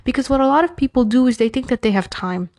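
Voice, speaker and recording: New york woman giving islamic life advice, chatty and blunt, mellow warm voice. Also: high-pitched, expressive, quick pace. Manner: chatty, frank, digresses with self-aware humor. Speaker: advice speaker. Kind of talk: casual Islamic advice talk.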